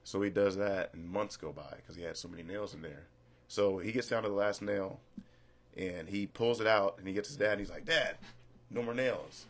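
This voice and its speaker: A man's voice: low-pitched, steady tone, fairly quick. A man hosting a casual talk show, telling stories loosely and laughing at himself. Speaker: podcast host. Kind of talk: casual chat.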